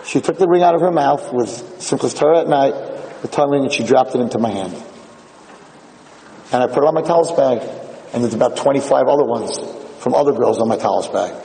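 An American man, a rabbi, giving an animated storytelling sermon and acting out the voices in his tales. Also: medium pitch, brisk, gravelly. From United States. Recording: echoey hall.

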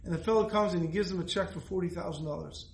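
A man's voice: high voice, quick pace, reverberant, rough recording. A man teaching a Torah lesson, telling stories earnestly and repeating phrases for emphasis.

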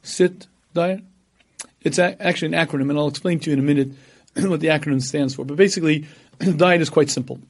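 A man giving a religious lecture, telling stories and acting out other people as he goes, and clearing his throat often. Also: fairly high pitch, quick pace. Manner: storytelling, animated quoting of others. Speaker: religious teacher.

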